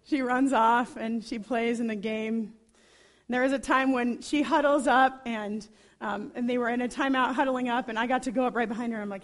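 A woman preaching a sermon, telling a story with chatty enthusiasm and lively asides. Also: on the high side, moderate pace.

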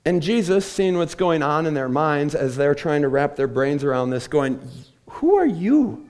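A man's voice: a little high, fairly even intonation, normal speed, clean tone. A man preaching a sermon from a church stage, telling the story with animation and acting out the voices of the people in it. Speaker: pastor.

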